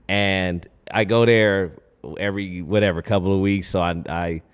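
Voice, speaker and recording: A man's voice: sits low, steady tone, normal speed, smooth. Comedian guest, easygoing male storyteller, reverb-heavy room. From Fresno, California. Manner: laid-back storytelling, acts out voices, laughs often. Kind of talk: casual podcast chat.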